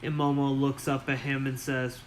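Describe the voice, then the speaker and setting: A man narrating a tabletop game as game master, relaxed and halting with fillers. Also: medium pitch, slight background noise, low-quality recording.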